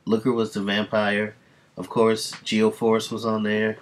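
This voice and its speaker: A man reading comics aloud on a stream, rambling through enthusiastic fan asides and dropping into quick voices for the characters. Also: lowish voice, completely flat delivery. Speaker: comic book reader and streamer. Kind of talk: casual comic reading commentary.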